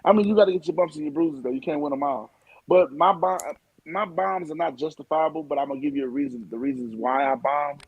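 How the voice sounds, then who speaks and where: A man, a comedian telling loud, laughing stories in casual podcast chat and swearing freely. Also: a little high, quick pace, husky, dry recording, narrow, tinny audio. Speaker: comedian guest.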